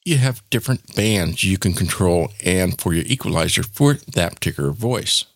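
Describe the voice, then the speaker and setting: A man hosting a casual software tutorial, explaining each step in an informal, demonstrative way. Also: low-pitched, animated, normal speed, dry recording, clean studio sound. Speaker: tech tutorial host.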